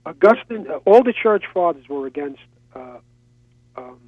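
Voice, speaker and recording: A man's voice: high voice, lively intonation, moderate pace, dry recording. A man calling in to a radio show, earnestly listing sources with hesitant fillers, heard over a telephone. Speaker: caller. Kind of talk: call-in radio comment. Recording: tinny phone line.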